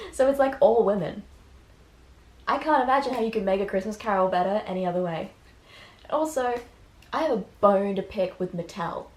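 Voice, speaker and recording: A woman's voice: medium pitch, darkish tone. A young adult woman hosting a casual review vlog, chatty and enthusiastic, laughing and swearing often. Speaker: video host. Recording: echoey room.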